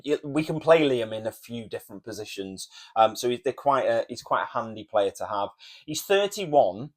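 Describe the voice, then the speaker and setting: A man hosting a podcast, explaining in a measured, steady way. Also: medium pitch. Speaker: podcast host. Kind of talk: casual podcast chat.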